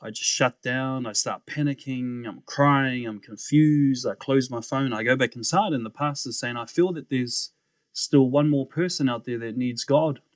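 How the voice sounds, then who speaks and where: Speaking at normal speed and an average mid pitch, a young podcast guest relates his story with casual, animated energy. He imitates the voices of those he quotes and laughs a lot along the way, in a close, dry recording with no room echo.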